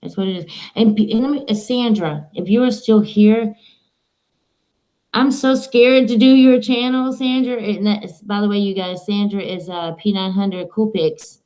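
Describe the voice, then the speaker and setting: A woman's voice: mid-range voice, fairly even intonation, moderate pace, warm tone, poor audio. A woman streaming live from home, chatting in a rambling, casual way to her viewers and her dog.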